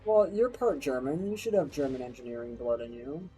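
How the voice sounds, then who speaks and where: A man's voice: mid-range voice, expressive, a little fast, mellow, soft background music, poor audio. A man streaming a game, chatting casually in a crude, rambling way and swearing often. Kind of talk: casual gameplay banter.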